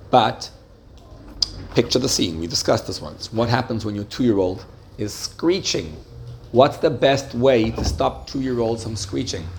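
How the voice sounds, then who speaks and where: A man's voice: fairly low pitch, darkish tone, slight background noise. Man questioning his class. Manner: keeps asking the group questions and checking they follow. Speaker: religious teacher. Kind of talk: Torah class lecture to a live group.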